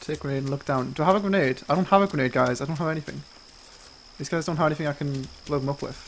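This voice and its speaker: A man's voice: fairly high pitch, very fast, a little hiss or hum, low-quality recording. A man streaming a game, chattering nervously and jokingly while pleading with his captors over a headset mic. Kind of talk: live game stream chat.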